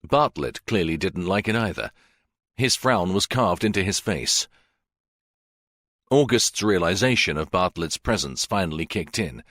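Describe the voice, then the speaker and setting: A man narrating a fiction audiobook in a steady, measured way. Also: low-pitched, no echo, studio quality. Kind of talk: scripted narration.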